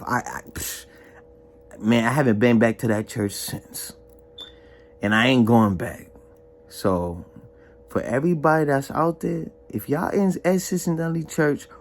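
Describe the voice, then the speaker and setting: A young man giving a casual, emphatic spoken testimony, slangy and full of repetition. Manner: animated and emphatic, repeats himself, slangy; drops low and quiet when reflecting. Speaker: vlogger giving a church testimony.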